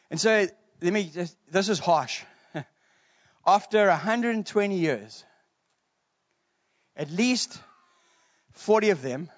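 A man preaching a sermon from the pulpit, casual and joking, animated as he retells a Bible story. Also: high-pitched. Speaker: pastor. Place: church hall, streamed to Zoom. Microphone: pulpit mic. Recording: muffled, reverberant church hall.

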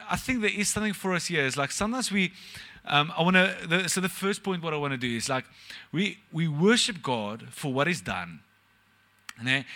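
A man's voice: a little high, sharp tone. A young man, preaching a sermon at a church service in a casual, joking way and asking the congregation questions. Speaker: pastor.

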